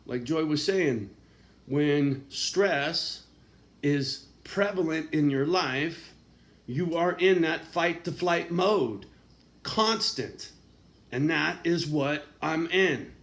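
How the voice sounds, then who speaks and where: A fairly high-voiced man venting straight to camera in a confessional monologue. He swears constantly and sounds raw and emotional. He drops low and quiet, then flares up loud and angry. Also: drawn-out words. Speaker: vlogger.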